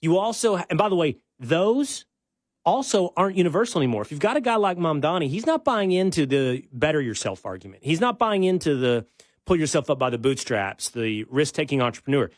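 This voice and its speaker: A male talk show host with a fairly high, lively voice that rises and falls a lot as he builds his case. He speaks conversationally and leans on rhetorical questions. The sound is dry and close to the mic. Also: fairly quick, no echo.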